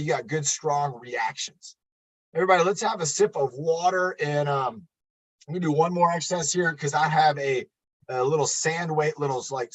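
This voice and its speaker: Pria pelatih kebugaran yang ceria dan bersuara serak. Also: male voice, a little high, slightly rough, low-quality recording. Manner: upbeat, chatty, talks to viewers and counts reps. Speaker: fitness coach. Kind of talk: live online exercise class. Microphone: computer webcam.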